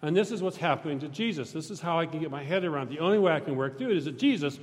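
A male pastor preaching a sermon in a large church, talking conversationally and joking with the congregation, sometimes breaking into shouts. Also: a little high, lively intonation, racing. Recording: long church reverb.

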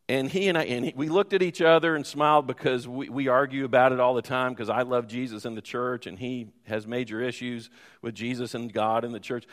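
Middle-aged male pastor, rambling anecdotal sermon, mid pitch, long church-hall echo. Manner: rambling anecdotal storytelling with many fillers. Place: church sanctuary.

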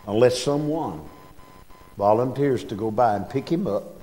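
A male pastor, preaching a sermon in a church, reading scripture and praying in a slow, emphatic way that swells as he goes. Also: medium pitch, warm tone, faint music behind. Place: church sanctuary.

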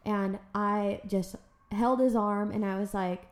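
A woman podcast host telling a personal story in a casual, animated chat. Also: mid-range voice, takes it slowly. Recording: roomy echo.

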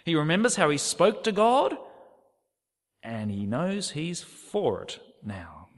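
A man's voice: on the high side, huge pitch swings, slow. A man preaching a sermon, reading scripture aloud with dramatic expression. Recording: long hall reverb.

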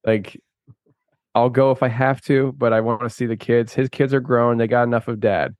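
A man's voice: mid-range voice, fairly even intonation, moderate pace, dry recording. A man talking as a guest on a podcast, rambling and chatty, laughing often and restarting his sentences. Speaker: podcast host and filmmaker guest. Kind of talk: casual conversation.

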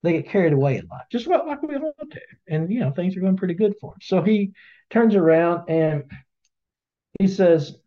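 A man retelling a Bible story in a casual webinar, as an animated storyteller who acts out the voices, on dull lo-fi audio. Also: high-pitched, moderate pace. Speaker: Bible study teacher.

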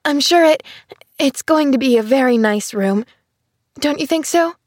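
An eager little orphan girl, as a woman reader puts her on, high and breathless, speaking slowly in a dry, close recording. She sounds earnest and bright in this storybook reading. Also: slightly rough, no room sound. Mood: hopeful. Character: cheerful earnest orphan girl, around eleven.

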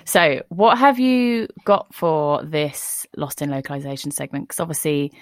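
A young woman hosts a podcast in an easy, chatty way, sprinkling her talk with "like" and quick giggles. Her voice sits low for a woman. The sound is dry and close, with no room around it. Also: dry recording. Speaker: podcast host. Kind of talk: casual chat.

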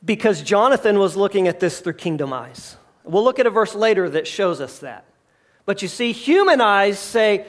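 A pastor preaching a sermon, telling a story with lively asides, jokes and acted-out quotes. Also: male voice, high voice, normal speed. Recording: live address to a congregation.

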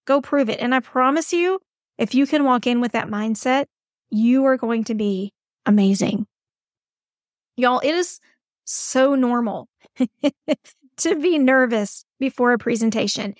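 A woman's voice: fairly high pitch, no room sound, clean studio sound. A woman hosting an advice podcast, talking in a chatty, encouraging and emphatic way. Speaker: podcast host.

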